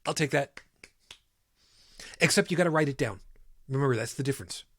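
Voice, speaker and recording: A man talking bluntly in a casual podcast chat, emphatic and quick to swear. His voice has a husky edge and sits at an ordinary pitch. The sound is dry and close. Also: fairly bright tone, dry recording. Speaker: podcast co-host.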